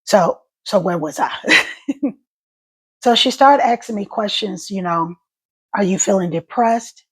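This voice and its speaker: A middle-aged woman talking casually to camera about life after a stroke, in halting speech that repeats words, her voice catching and crackling. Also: medium pitch, expressive, slightly rough. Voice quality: voice catches and crackles when emotional. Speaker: stroke survivor vlogger.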